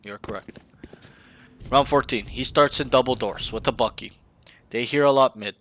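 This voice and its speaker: A man's voice: mid-range voice, moderate pace, fairly bright tone, slight background noise. A man coaching a player in a casual game review, blunt and slangy, often swearing.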